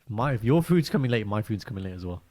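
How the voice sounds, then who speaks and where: A young man co-hosting a casual podcast, telling animated stories and acting out quotes in a high voice. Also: rapid-fire. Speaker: podcast co-host. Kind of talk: casual chat.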